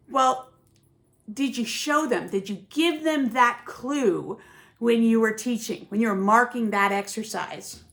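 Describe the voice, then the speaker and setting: Emphatic ballet teacher woman, fairly high voice. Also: animated, measured pace, a bit bright. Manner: emphatic, musical, often checks in with "yeah?" and "right?". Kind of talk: teaching tips to camera, with sung counts.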